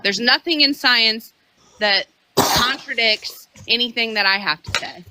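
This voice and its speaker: A woman's voice: fairly high pitch, unhurried, heavy background noise. A woman debating on a live online call, combative and dismissive, swearing and tagging her points with "right?".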